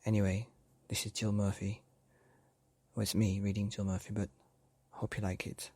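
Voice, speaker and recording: A man hosting a bedtime story podcast, speaking gently and playfully to children. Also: lowish voice, level tone, moderate pace, breathy edge, no echo.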